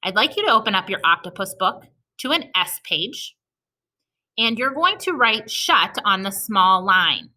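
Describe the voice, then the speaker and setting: A woman teaching an early-reading lesson to young children in a recorded video, sounding out each letter slowly and patiently and praising them. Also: medium pitch, big pitch swings, bright, forceful tone.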